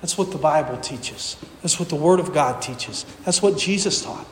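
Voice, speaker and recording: A high-pitched male pastor delivers a fervent sermon, leaning on repeated phrases. The sound is roomy, with a long reverb tail from a church sanctuary and a faint hiss underneath. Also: expressive, moderate pace. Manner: fervent, repetitive preaching cadence. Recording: echoey hall with long reverb.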